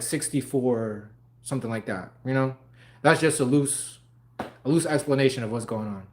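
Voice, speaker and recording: A young man on a livestream talking casually and animatedly, swearing freely and laughing often. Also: mid-range voice. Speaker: live stream host.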